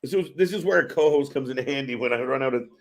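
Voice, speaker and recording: A man hosting a live wrestling watch-party stream, giving excitable, profane reaction commentary. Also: medium pitch, fast talker. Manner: excitable and profane, swearing often.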